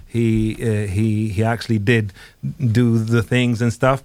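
A man's voice: on the low side, flat delivery, a little slow, a little mellow, dry recording. Rambling man in casual podcast chat. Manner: rambling, with fillers and restarts. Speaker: podcast co-host. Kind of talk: casual chat reviewing a TV series.

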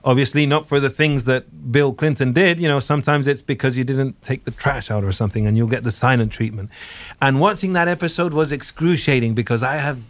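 A man's voice: medium pitch, a little fast, dry recording. Rambling man in casual podcast chat. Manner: rambling, with fillers and restarts. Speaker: podcast co-host. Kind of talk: casual chat reviewing a TV series.

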